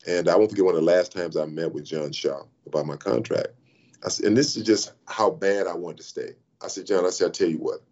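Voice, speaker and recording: A man in his sixties telling stories as an interview guest, animated, with frequent restarts and repeated "I mean". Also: low voice, a little fast, muffled recording. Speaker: interview guest, former pro athlete. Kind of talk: animated storytelling in conversation.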